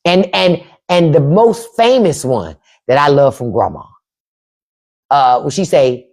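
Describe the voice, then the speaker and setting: Blunt, lively-voiced woman telling stories. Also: very deep voice, slow pace. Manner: blunt, profane, laughing asides; quotes her elders in put-on voices. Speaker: podcast host on a livestream. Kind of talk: casual livestream storytelling. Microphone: phone or webcam livestream mic.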